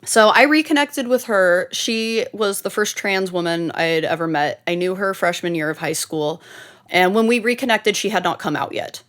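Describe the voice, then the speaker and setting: A woman's voice: medium pitch, animated, moderate pace, a bit bright. Woman swearing casually on a podcast. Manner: laughs often, swears casually. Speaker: podcast co-host. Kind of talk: casual chat and personal story.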